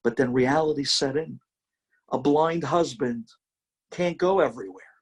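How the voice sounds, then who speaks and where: A rabbi telling a dramatic story in a sermon with a varied, expressive delivery. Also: male voice, a little high, a little slow, slightly rough.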